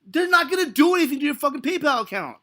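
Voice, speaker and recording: A man's voice: very high-pitched, big pitch swings, fast, sharp tone. A man streaming live as a stock market analyst, ranting angrily and defensively at his viewers with heavy swearing. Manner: angry, defensive, swearing heavily.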